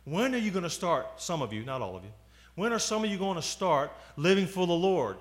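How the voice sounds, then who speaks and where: A man in his forties preaching a sermon, moving from loud appeals to quiet asides. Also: high-pitched, sing-song, a little fast. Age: 40s.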